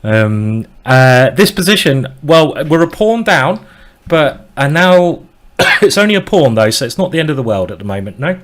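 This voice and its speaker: A man hosting live chess commentary in a casual, excitable way, urging the players on. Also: mid-range voice, moderate pace.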